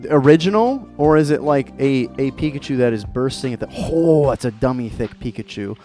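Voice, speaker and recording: A playful man hosts a casual livestream and riffs with callers as he draws. His pitch swings a lot, and faint music plays behind him. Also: a little fast. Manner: playful, animated, riffing. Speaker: streamer host.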